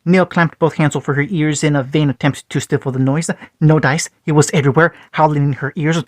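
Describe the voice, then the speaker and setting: A man's voice: a little high, fairly even intonation, a little fast, dry recording. A man reading a fan fiction story aloud, often stumbling and restarting words.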